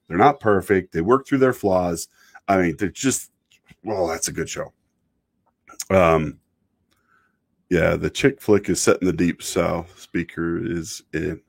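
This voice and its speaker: A married Idaho man with a lowish, husky voice hosts a chat show, reading messages in a loose, rambling way. He interrupts himself often and cracks jokes as he goes.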